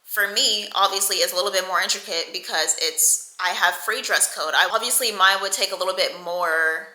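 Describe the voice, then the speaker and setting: A woman's voice: mid-range voice, a little fast, bright, forceful tone. A young woman casually retelling a personal story, candid and profane, acting out the people she quotes. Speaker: storytime vlogger. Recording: echoey room.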